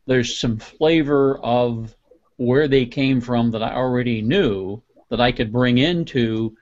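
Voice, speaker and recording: A man's voice: mid-range voice, slow pace, darkish tone. Male panelist, casual and musing; muffled recording.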